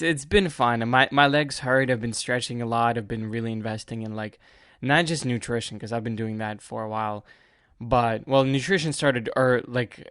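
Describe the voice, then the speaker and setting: A man's voice: medium pitch, a bit bright, no room sound, clean studio sound. A man hosting a casual solo sports podcast, rambling and chatty, often laughing at himself. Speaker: podcast host.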